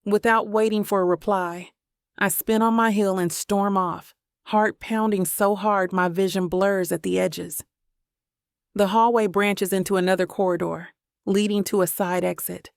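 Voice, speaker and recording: A woman reading a romance audiobook as a steady first-person narrator. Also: medium pitch, measured pace, gravelly, no room sound, studio quality.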